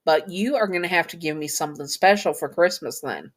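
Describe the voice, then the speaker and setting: A blunt, drawling cowboy imp assassin with a Southern accent, as a woman puts him on in a fan fiction reading. He is gruff and possessive. His voice sits a little low. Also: brisk, close to an everyday voice.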